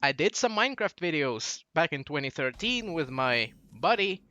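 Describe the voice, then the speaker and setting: A man's voice: fairly high pitch, big pitch swings, moderate pace, sharp tone. A young man in his late teens with a Russian accent, rambling through a casual monologue that drifts off track. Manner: digressive, loses his train of thought. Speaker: channel host.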